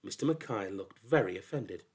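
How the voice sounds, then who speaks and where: A man narrating a folk tale in an expressive, dramatic storybook reading that drops into hushed lows. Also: moderate pace, husky.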